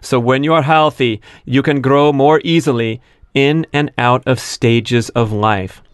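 A man's voice: medium pitch, unhurried, clear, resonant tone, no echo, clean studio sound, lightly acted. A man doing an impression of a famous Austrian bodybuilder-actor, with a put-on Austrian-style accent and an earnest, motivational delivery.

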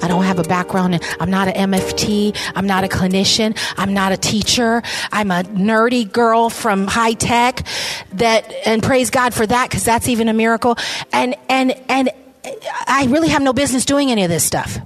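A woman's voice: a little high, steady tone, normal speed. A middle-aged woman giving an impassioned faith testimony to an audience, often repeating phrases for emphasis. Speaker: ministry founder speaking to an audience. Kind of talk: testimony talk.

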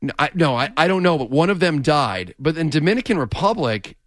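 A man hosting a casual talk show, chatting about sports and news in an excitable way, often laughing and cutting in. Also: a little high, brisk, no echo, studio quality.

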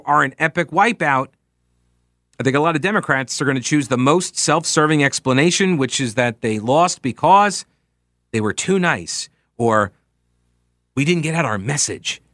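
A man's voice: fairly high pitch, pushed and bright, no room sound, clean studio sound. A man hosting a talk radio show, giving opinionated political commentary in a sarcastic tone, full of rhetorical questions.

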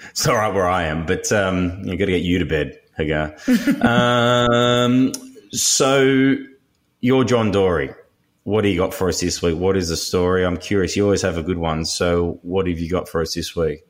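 A man hosting a podcast in casual chat, conversational and relaxed. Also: sits low. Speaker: podcast host.

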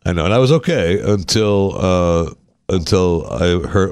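Man with a very low voice in dry studio sound. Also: expressive, a little mellow, no room sound. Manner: joking, halting, lots of fillers. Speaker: radio show co-host. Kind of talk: casual morning show banter.

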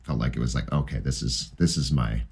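A middle-aged man chatting casually about music, rambling and animated, often laughing as he remembers. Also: a bass voice, fairly quick, creaky, husky.

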